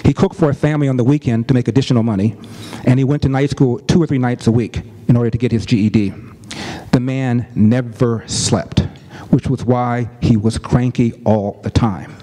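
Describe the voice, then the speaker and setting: A middle-aged man telling a family story as a commentator, earnest and deliberate, stressing points with repetition. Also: mid-range voice, fairly even intonation, mellow. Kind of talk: storytelling speech.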